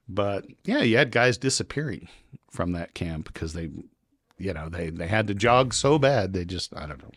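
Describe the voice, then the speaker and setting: A man's voice: low voice, normal speed, no room sound. Man rambling through a story. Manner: rambling, animated anecdotes with quoted voices. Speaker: podcast guest, local publisher. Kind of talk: casual storytelling chat.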